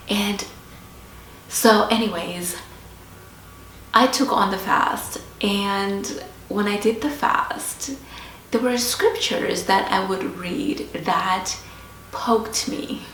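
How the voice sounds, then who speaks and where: A woman host sharing a personal story in a slow, reflective, confessional way. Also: medium pitch, fairly bright tone. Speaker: podcast host. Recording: roomy echo with faint background hiss.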